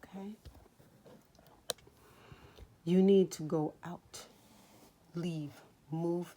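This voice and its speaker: A woman giving a spiritual card reading in a slow, soothing voice that sometimes drops to a whisper, choked up with emotion. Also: on the low side, mellow, slight background noise. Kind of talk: soft spoken tarot-style reading.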